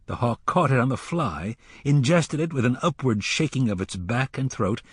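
A man reading a dark fantasy audiobook in a measured, dramatic storytelling manner. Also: mid-range voice, lively intonation, breathy edge, no echo, studio quality. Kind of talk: audiobook narration.

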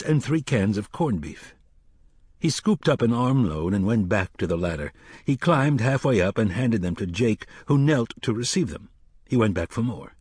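A male audiobook narrator with a husky, slightly grainy voice, reading at a measured pace that slows for suspense. The recording is close and dry, with no room echo. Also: mid-range voice, darkish tone. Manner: measured, slowing for tension.

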